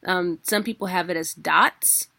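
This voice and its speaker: A woman giving a casual video lesson, chatty and quick to correct herself. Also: fairly low pitch, fairly even intonation, vocal fry, sharp tone. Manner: chatty, self-correcting, laughs at own mistakes. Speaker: teacher.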